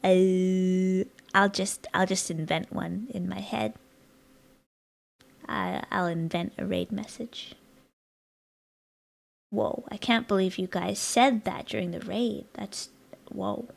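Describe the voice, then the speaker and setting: Here the American streamer speaks slowly with a steady, gravelly medium-pitched voice and long pauses. She still chats and teases her viewers playfully, rambling in asides while she works on a design.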